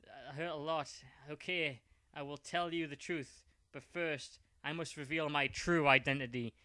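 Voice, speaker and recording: Man doing a shifty friendly buddy, plain read, bright and dry. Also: on the high side, fairly even intonation, measured pace, no echo. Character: shifty friendly male sitcom actor.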